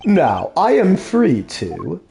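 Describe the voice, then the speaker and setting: A man voicing a courtly, menacing male assassin in a fan game dub, speaking with slow, cold politeness. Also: high voice, huge pitch swings, mellow, a little hiss or hum, heavily acted. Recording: faint game music behind.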